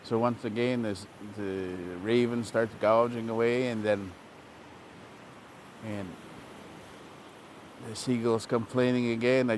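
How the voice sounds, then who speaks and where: A male storyteller recounting a traditional tale at an easy middle pitch, with plain, repetitive phrasing and occasional fillers. A faint rumble sits underneath. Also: slow, pauses often. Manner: relaxed, repetitive, plain-spoken. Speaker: language teacher telling a traditional story. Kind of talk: oral storytelling.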